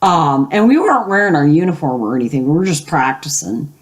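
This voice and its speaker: A woman's voice: low voice, very animated, fairly quick. Older woman, casual storyteller, rambling, acts out quoted voices, at home. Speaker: gaming video host.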